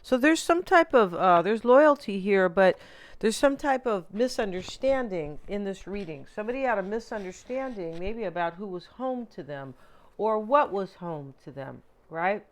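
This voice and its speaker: A woman's voice: medium pitch, animated, normal speed. A woman giving a tarot card reading in a chatty, rambling way, with many fillers and asides. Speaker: tarot reader. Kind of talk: casual tarot reading monologue.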